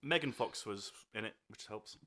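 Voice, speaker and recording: A man's voice: lowish voice, normal speed, a crowd in the background. A man hosting a casual podcast chat, teasing and joking with his guest and laughing easily. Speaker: podcast host.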